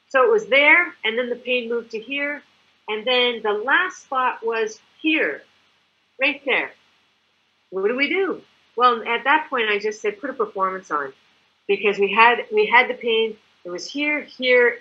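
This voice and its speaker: Slightly slow and fairly high-pitched, this woman's voice comes through a muffled recording. She's a product distributor presenter based in Mexico, animated and chatty, acting out examples during her enthusiastic sales pitch.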